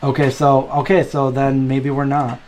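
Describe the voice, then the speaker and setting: A man's voice: medium pitch, completely flat delivery, normal speed, a little mellow, a little hiss or hum, rough recording. A man hosting a casual cooking show, chatting loosely and thinking aloud with frequent restarts. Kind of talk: casual chat.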